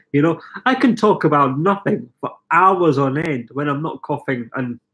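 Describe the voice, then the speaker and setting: Middle-aged Scottish man, hoarse with a cold, rambling chatty live-stream host, self-mocking, voice sits a bit high. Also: animated, measured pace, pushed and bright. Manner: chatty, self-mocking, reading out viewer comments. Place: living room at home.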